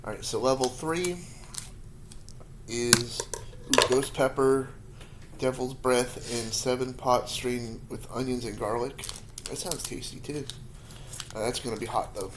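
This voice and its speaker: Eating hot peppers and feeling the heat, a man in his thirties rambles through viewer questions with self-deprecating humor, occasionally talking through a full mouth. He speaks at a measured pace in a medium pitch with fairly even intonation, over a noisy background.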